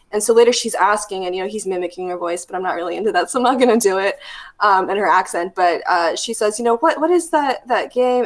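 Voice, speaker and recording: A woman therapist talking through ideas in a casual podcast conversation, thoughtful and full of fillers. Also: mid-range voice. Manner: thoughtful, storytelling with many fillers. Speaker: therapist guest.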